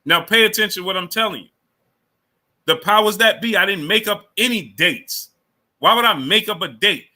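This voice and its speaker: Male streamer host, bright edgy tone, fairly high, lecturing and repetitive. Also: moderate pace. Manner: lecturing, repeats himself, greets chatters by name. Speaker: boxing channel host. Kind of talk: live stream chat, answering viewers.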